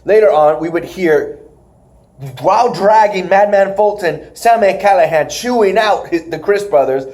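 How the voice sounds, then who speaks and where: A young man casually recapping wrestling on a podcast, excitable and laughing often, sometimes squealing to mimic wrestlers. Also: high voice, moderate pace. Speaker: podcast co-host reviewing wrestling.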